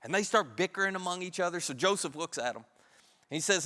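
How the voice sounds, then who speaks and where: A man preaching a sermon, retelling a story in an animated, humorous, conversational way. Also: sits high, fast talker, big-room sound. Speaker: pastor. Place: church sanctuary.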